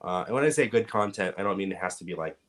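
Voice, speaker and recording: A man with a Californian accent, a podcast guest calmly explaining things at length in casual conversation. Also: low-pitched, quick pace. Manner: relaxed, explanatory, giving advice at length. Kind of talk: casual interview chat.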